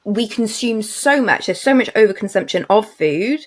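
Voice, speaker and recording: A woman's voice: mid-range voice, expressive, moderate pace. A woman co-hosting a podcast, chatting casually and enthusiastically with lots of fillers and restarts. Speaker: podcast co-host. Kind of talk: casual chat.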